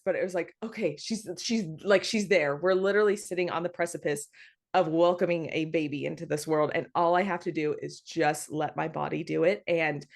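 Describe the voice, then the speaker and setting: A woman's voice: fairly low pitch, fairly quick, gravelly. Chatty young woman telling a story, laughing. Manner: animated storytelling, laughs often, many fillers. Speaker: podcast guest. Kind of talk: casual birth story interview.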